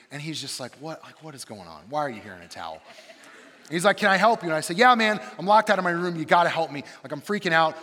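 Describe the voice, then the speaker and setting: A man in his thirties preaching as a campus pastor, his voice sitting a bit higher than most men's. He tells funny, self-mocking stories with lively, shifting energy. The sound rings out with long reverb, as in a big hall. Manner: animated, self-deprecating storyteller with shifting energy. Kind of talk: humorous sermon with storytelling.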